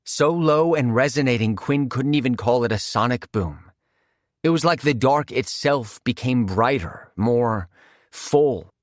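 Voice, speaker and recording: A man narrating a horror audiobook in a measured, vivid storytelling manner. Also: mid-range voice, expressive, dry recording, clean studio sound.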